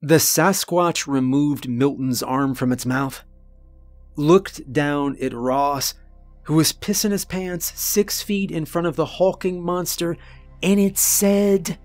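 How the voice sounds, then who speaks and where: A man narrates a first-person horror story slowly and deliberately, leaning on dramatic pauses. His voice sits somewhat high for a man and sounds dry and close. Faint music plays behind him. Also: no room sound.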